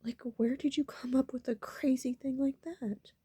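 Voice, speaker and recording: A woman vlogger musing softly in half-whispers about personal matters. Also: high-pitched, steady tone, normal speed, husky, no room sound. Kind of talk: reflective personal talk.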